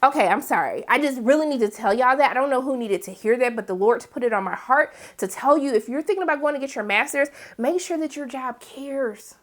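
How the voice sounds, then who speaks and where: High-voiced chatty woman recapping TV. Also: expressive, quick pace, hardly any pauses. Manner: chatty and opinionated, talks straight to viewers; breaks into acted quotes of characters. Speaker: TV recap reviewer. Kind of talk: casual TV episode recap.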